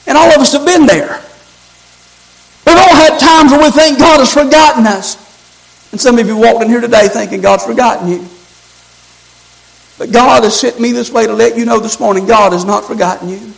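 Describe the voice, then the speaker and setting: A man preaching a sermon, calling out to the congregation and rising into shouts. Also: very high voice, steady tone, moderate pace, creaky, long pauses, low-quality recording.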